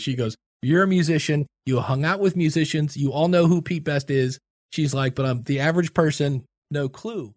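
A man's voice: a little high, brisk, no echo, studio quality. A man chatting as a podcast guest, goofy and full of radio-style storytelling. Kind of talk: casual chat.

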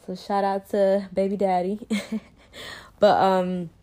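A woman's voice: medium pitch, level tone, takes it slowly, dark tone. A young pregnant woman vlogging to her viewers in a casual, rambling way, often out of breath and full of "like" and "you know".

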